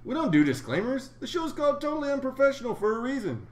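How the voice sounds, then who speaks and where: A man co-hosting a casual podcast, chiming in with quick wisecracks. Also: very high voice, very animated, reverberant. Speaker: podcast co-host.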